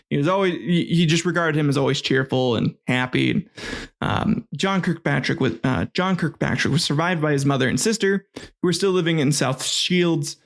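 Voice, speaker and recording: A man hosting a comedy history podcast in a slightly higher-than-usual voice. He reads war history loosely and jokes as he goes, with casual swearing and fumbled names along the way. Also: creaky. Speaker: podcast host.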